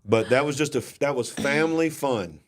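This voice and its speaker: A man's voice: mid-range voice, animated, moderate pace, a little hiss or hum. A man with a Southern US accent co-hosting a live-stream show, talking in a folksy, emphatic way and repeating himself for stress.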